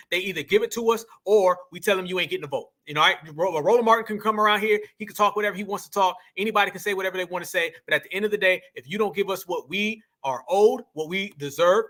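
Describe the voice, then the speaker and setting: A man's voice: high voice, bright, forceful tone. A man hosting a political commentary show, ranting emphatically in slangy speech and calling his viewers family.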